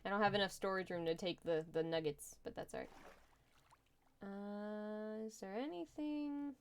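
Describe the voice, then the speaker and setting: A woman's voice: mid-range voice, normal speed, a little hiss or hum. A young adult woman chatting casually on a live gaming stream, laughing often and thinking aloud while she plays.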